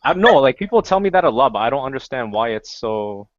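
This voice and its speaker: A man's voice: mid-range voice, very animated, fast, highs cut off. A man in a casual live stream chat, teasing the others in a dry way. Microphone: online voice call.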